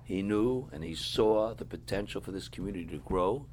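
A middle-aged man speaking as a rabbi, giving a sermon to yeshiva students, clearing his throat often, repeating for emphasis, and sounding tired. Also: on the low side, lively intonation, moderate pace, a little mellow, slight background noise.

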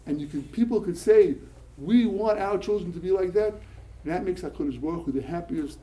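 A male rabbi giving an animated talk to yeshiva students, telling stories, mixing Hebrew and Yiddish words into English, and often repeating words when he gets excited. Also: high voice, a little fast, rough recording.

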